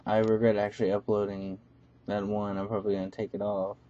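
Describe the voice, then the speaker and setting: A man's voice: fairly low pitch, monotone, brisk, warm tone, a little hiss or hum. A man doing casual gameplay commentary, playful, talking to the enemies in the game, recorded on a webcam microphone. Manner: playful, chants repeated words while playing. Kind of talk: casual let's-play commentary. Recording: dull lo-fi webcam mic.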